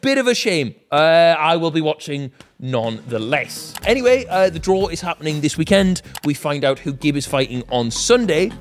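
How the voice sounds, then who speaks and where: A man's voice: on the high side, very animated, moderate pace, faint music behind. A man with a British accent hosting a comedy news roundup, delivering scripted items with sarcastic asides and swearing. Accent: British English.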